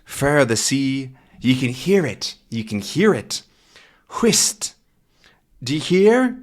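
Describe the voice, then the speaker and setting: A man's voice: mid-range voice, big pitch swings, a little slow. A man doing an old Scottish storyteller. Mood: hushed warning. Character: old Scottish villager telling eerie tales.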